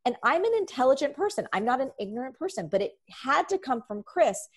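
A woman's voice: high-pitched, very animated, fairly quick, husky. A woman guest in a casual conversation, talking animatedly and acting out her past thoughts in voices.

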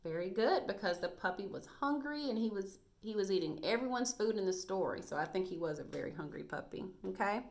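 A first grade teacher records a video reading lesson for young children. She talks at a medium pitch in a bright, encouraging voice and praises the kids often. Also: lively intonation, a little fast, hardly any pauses.

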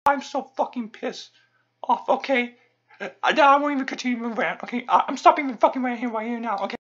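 A woman's voice: on the high side, fairly quick, a bit bright. A woman host delivering a profane comic rant, angry and stammering, tacking on "okay?" after nearly every phrase. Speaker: channel host. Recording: dull lo-fi recording.

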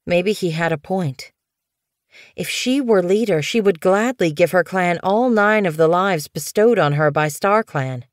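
A woman narrating an audiobook in a steady, even storytelling manner. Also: fairly low pitch, a little slow, no room sound, studio quality. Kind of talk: scripted narration.

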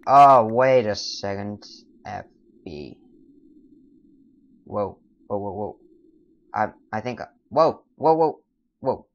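A young man whose first language is not English, rambling through casual let's play commentary with sudden loud, silly outbursts. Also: on the low side, slow, long pauses, muffled recording. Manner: rambling, excitable, bursts of loud silly exclamations. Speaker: gamer.

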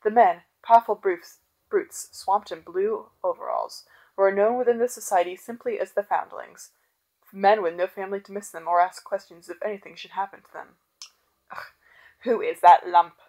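A woman reading a novel chapter aloud, telling the story in a steady voice. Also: medium pitch, normal speed, poor audio. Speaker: reader. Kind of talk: audiobook narration.

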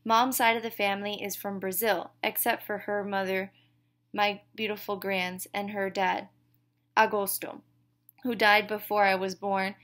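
A woman's voice: medium pitch, level tone, a little slow, a bit bright. A woman reading a novel aloud in first person, marking the characters' lines with small shifts rather than full voices. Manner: reads dialogue with small shifts for each character, no big voices. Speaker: audiobook reader. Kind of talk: scripted first-person narration.

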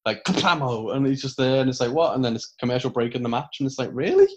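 A man's voice: mid-range voice, little pitch movement, rapid-fire, a little mellow. A man co-hosting a casual wrestling review podcast, ranting and swearing, often breaking into laughter. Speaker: podcast co-host.

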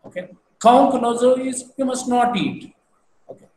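A man's voice: very high voice, lively intonation, moderate pace, darkish tone. A man giving a language lesson, patiently repeating each word and spelling it out. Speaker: language teacher. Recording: roomy echo, faint background hum.

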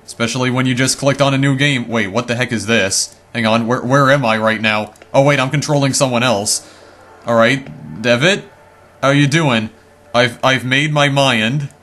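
A man's voice: mid-range voice, sharp tone. A man commenting on a video game as he plays it, often repeating his words when he is unsure. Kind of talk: let's-play commentary.

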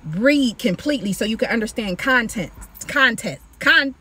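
A woman talks casually to her viewers about scripture, calling them baby and y'all in an animated, preachy way. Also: a little high, moderate pace, breathy edge. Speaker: faith video creator. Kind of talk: casual Bible-study talk to camera. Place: outdoors in sunlight.

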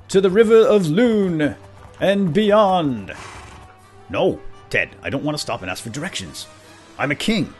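In comedic in-character role-play, a gamer voices a self-important, clumsy knight chattering playfully to his animal friends. His voice is lowish with a fairly bright tone, and faint background music can be heard.

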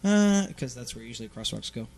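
A man's voice: medium pitch, sing-song, a little fast, creaky, crowd noise. A man hosting a show, telling a long story in casual chat, rambling, swearing freely and using plenty of fillers. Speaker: host.

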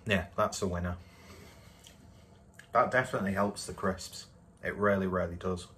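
A man casually reviewing food to camera from a home kitchen, in a relaxed, dry and self-mocking way. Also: low-pitched, normal speed, slight background noise. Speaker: food vlogger.

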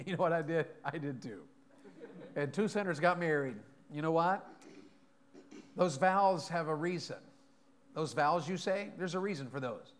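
A man's voice: a little high, normal speed, pauses often. A man preaching a sermon in a church, folksy and joking, often asking the congregation questions. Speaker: pastor. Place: church sanctuary.

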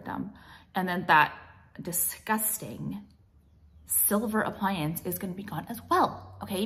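A woman's voice: on the low side, vocal fry, a bit bright. Young female vlogger, chatty and profane, meandering delivery with lots of fillers. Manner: blunt, profane, rambling with many fillers. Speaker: vlogger and jewelry brand owner. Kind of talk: casual chatty vlog.

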